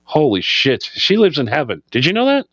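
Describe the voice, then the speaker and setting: A man's voice: fairly high pitch, wildly swooping pitch, normal speed, a bit bright, dry recording. A man co-hosting a casual podcast, rambling in a laid-back, loose and profane way. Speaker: podcast co-host. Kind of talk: casual stoner podcast chat. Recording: slightly dull lo-fi sound.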